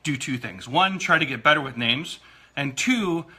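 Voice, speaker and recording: A man's voice: fairly high pitch, lively intonation, moderate pace, pushed and bright, slightly rough. A man co-hosting a casual talk show about marriage, self-deprecating and laughing often. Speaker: co-host and producer. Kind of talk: casual chat.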